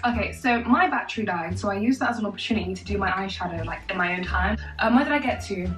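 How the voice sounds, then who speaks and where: Speaking quickly in a medium-pitched, fairly bright voice, a vlogger in her twenties tells a casual story as she gets ready. She's sassy and chatty with self-mocking asides. The mic is far off in an echoey room, and faint music sits underneath.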